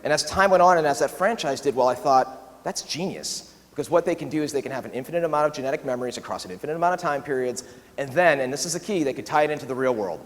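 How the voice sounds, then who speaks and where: A fast-talking man speaks from a conference stage, voice a bit higher than most men's. He is lively and acts out little quoted asides. The sound rings with the long reverb of a big hall. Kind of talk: keynote talk.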